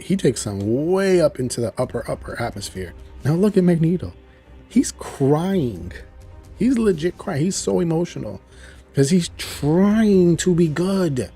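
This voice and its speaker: A man excitedly recapping a TV episode in a rambling, chatty way, full of "like" and "you know". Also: a little high, husky. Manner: enthusiastic, rambling storytelling with frequent "like" and "you know". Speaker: TV show reviewer.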